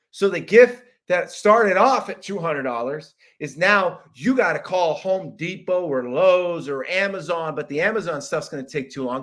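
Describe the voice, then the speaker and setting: A young adult man hosting a comedy podcast, ranting in an exasperated, profane monologue and jumping into loud shouted impressions. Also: fairly high pitch. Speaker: podcast host.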